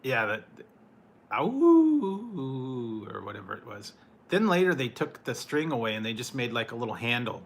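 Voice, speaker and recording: A man's voice: mid-range voice, animated, fast talker, creaky, fairly bright tone. A man hosting a casual food-review livestream, chatting with viewers, laughing often and greeting people by name. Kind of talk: casual live chat with viewers.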